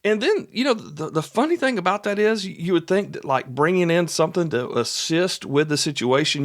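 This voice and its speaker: A man's voice: a little high, a bit bright. A man hosting an instructional podcast in a folksy, conversational way, often repeating his points. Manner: folksy, repeats points, acts out little dialogues.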